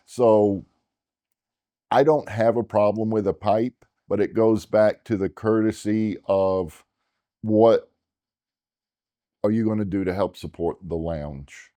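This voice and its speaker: A man who owns a cigar lounge, giving measured, deliberate answers in a casual interview. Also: lowish voice, steady tone, warm tone, dry recording.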